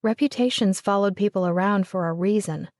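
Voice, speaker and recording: A woman narrates a romance audiobook in a steady, even storytelling voice. Her pitch sits in the middle, and the recording is close and dry. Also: fairly quick, no echo. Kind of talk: scripted narration.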